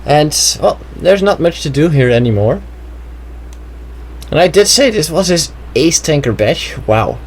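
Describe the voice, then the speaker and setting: A man's voice: on the high side, sing-song, measured pace, slight background noise, low-quality recording. Casual man commenting on a game replay. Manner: casual, chatty, thinking aloud with many "well"s. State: slight throat trouble. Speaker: gameplay commentator.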